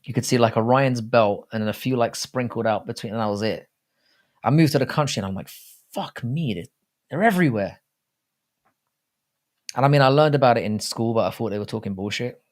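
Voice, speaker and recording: A man's voice: medium pitch, fast talker. A young English man with an English accent, hosting a live chat stream, rambling casually, swearing often and reading viewer comments aloud. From England. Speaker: livestream host.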